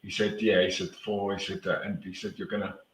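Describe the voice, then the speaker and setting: Man, bright voice, blunt rambling chat, swears a lot, echoey room. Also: deep voice, flat delivery, brisk. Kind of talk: casual live-stream chat.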